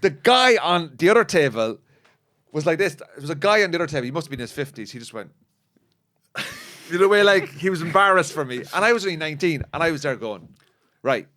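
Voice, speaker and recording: Fast-talking Irish comedian. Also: male voice, a little high, very animated, a bit bright. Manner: rapid, profane anecdotes with frequent restarts. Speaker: comedian and radio presenter, guest. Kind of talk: casual podcast storytelling.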